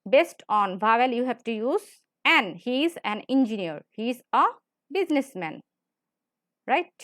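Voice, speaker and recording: Woman teacher with a high voice, explains grammar rules over and over, keeps asking "right?", dry close sound. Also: very animated, fairly bright tone, dry recording. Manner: repetitive, explains slowly with frequent "right?". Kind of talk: classroom lecture.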